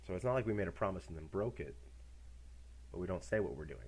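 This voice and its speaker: A middle-aged male lecturer with a deep, low voice and a husky, slightly rough tone. He teaches a university class casually, joking and acting out little scenes to make his points. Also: expressive, quick pace, a little mellow. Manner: casual and jokey, acts out examples.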